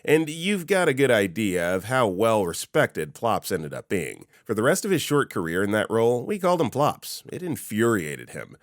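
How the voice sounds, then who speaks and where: A man reading a Reddit story aloud as narrator, in a wry, expressive storytelling manner. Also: fairly low pitch, normal speed, hardly any pauses, dry recording, studio quality.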